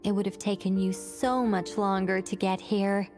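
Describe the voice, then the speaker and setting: A woman voicing a composed, regal female mage in a game, speaking with an American accent over British tells and crisply over-enunciated R sounds. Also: medium pitch, fairly even intonation, moderate pace, a little mellow, lightly acted. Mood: measured. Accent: British speaker doing an American accent. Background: game music.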